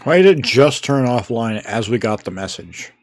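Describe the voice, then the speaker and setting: A man chatting through a game session, thinking aloud and laughing often. His voice swings widely in pitch as he reacts. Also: lively intonation, moderate pace, no room sound. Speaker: gamer. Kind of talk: let's play commentary.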